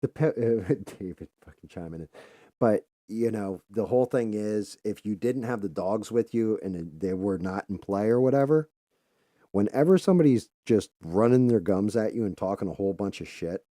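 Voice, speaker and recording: Laid back host guy, low mellow voice, dry sound, cusses casually. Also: normal speed, no echo. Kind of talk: casual chat.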